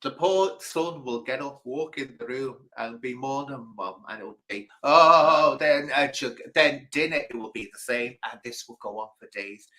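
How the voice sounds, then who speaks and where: A middle-aged man hosts a casual livestream chat with a bright, forceful voice. He tells stories in an animated way and acts out the people he quotes. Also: mid-range voice, moderate pace, few pauses, poor audio. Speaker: host.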